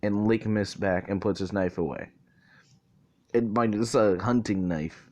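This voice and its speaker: A young man with a somewhat low voice, casually telling a made-up fan story. He rambles, drops curse words freely and keeps stopping to correct himself. The delivery is loose and unscripted. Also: fairly even intonation, moderate pace, warm tone. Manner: rambling, profane, self-correcting.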